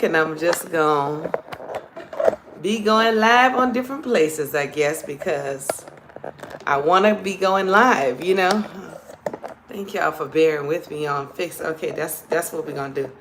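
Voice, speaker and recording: A woman's voice: low-pitched, noisy background. Woman, New Orleans accent, casual live-stream chat, playful, echoey room. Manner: chatty, playful, calls viewers "girl" and "child". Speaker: comedian hosting a live stream.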